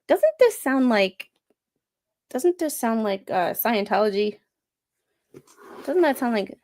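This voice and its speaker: A woman's voice: mid-range voice, darkish tone. A woman hosting a casual livestream, reading a court filing aloud with sarcastic asides and frequent fillers. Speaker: livestream host.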